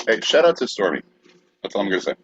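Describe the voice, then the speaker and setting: A male podcast co-host, deadpan and hesitant, with lots of filler. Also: lowish voice, quick pace, dull audio, a little hiss or hum. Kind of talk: deadpan comedic banter.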